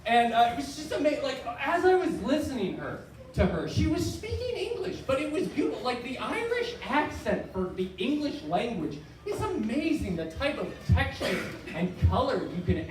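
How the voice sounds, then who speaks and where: A man's voice: very high-pitched, very animated, moderate pace, hardly any pauses. A man of thirty doing a live stand-up set, rambling and self-deprecating. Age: 30s. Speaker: stand-up comedian. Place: live comedy venue. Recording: echoey room from far off, crowd noise.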